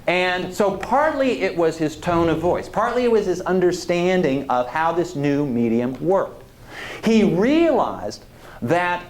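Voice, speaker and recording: A male historian gives a public lecture in a loose, conversational way, drifting into asides and putting questions to the audience. His voice sits fairly high and moves with lively rises and falls. The hall around him is roomy and echoey.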